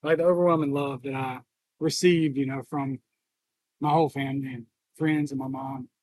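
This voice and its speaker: A man co-hosting a podcast who talks in a reflective, halting way and is emotional and near tears. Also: medium pitch, steady tone, darkish tone, rough recording. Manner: reflective, halting, open about feelings. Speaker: podcast co-host. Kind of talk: casual podcast conversation.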